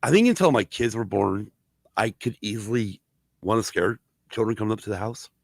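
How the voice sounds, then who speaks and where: Brief: middle-aged male podcast host, gravelly, lively swearing storyteller, dry close sound. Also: lowish voice, brisk, no echo. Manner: profane, animated storyteller. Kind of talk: casual storytelling chat.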